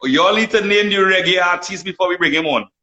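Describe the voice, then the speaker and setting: A man's voice: sits high, quick pace, bright, forceful tone, dull audio. A man hosting a live online show, telling stories and repeating his phrases. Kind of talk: casual live chat.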